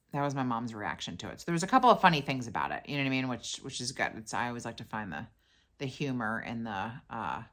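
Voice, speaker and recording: A tired woman hosting her podcast, telling a story in a blunt, profane, animated way. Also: extremely low pitch. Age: adult with a young daughter. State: tired and worn out. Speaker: podcast host. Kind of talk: casual venting monologue.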